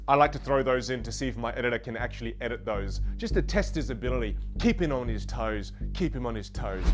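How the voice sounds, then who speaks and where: A man teaching an online voice course, animated and playful, showing pitches from low to high. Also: fast talker, over music. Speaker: voice coach.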